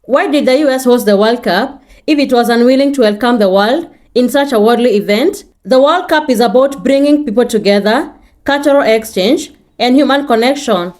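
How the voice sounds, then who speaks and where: A woman's voice: on the high side, moderate pace, a little mellow. A woman reading scripted narration in an earnest, rhetorical way.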